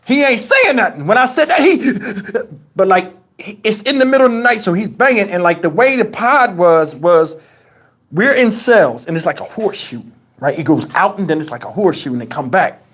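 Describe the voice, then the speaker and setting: A man's voice: high voice, expressive, normal speed, fairly bright tone. A man hosting a livestream, telling a story in a casual, profane and colloquial way on a lapel mic. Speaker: channel host. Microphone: wireless lapel mic.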